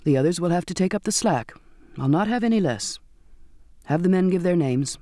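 A man voicing a stern, courtly, contemptuous ship captain who speaks in a clear, firm, sardonic way. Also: sits high, lively intonation, a little fast, dark tone, no room sound, studio quality. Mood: curt.

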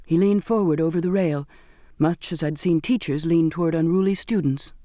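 Man narrating a storybook, fairly high voice. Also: normal speed, mellow, no echo, studio quality. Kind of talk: first-person storybook narration.

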